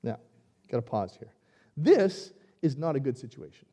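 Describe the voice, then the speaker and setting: A man preaching a sermon in a conversational, animated way, acting out quoted lines. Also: mid-range voice, normal speed. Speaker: pastor.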